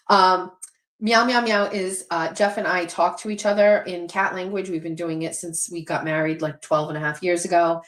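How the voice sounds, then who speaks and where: A middle-aged woman hosts a casual livestream, talking candidly and cursing freely as she reads out viewer comments. Her voice sits a bit low for a woman, and a roomy echo hangs on every word. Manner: candid, chatty, swears freely. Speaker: livestream host.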